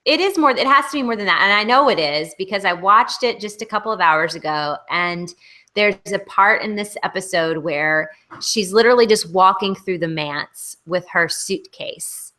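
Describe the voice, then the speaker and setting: A woman's voice: mid-range voice, animated, moderate pace, sharp tone. A woman co-hosting a casual online hangout over a video call, critiquing bluntly and with emphasis. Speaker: co-host.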